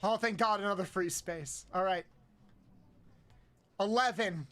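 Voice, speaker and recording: A man streaming a game, counting aloud, swearing often and yelping high when frustrated. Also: measured pace, pushed and bright, soft background music. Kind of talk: casual live-stream chat while playing.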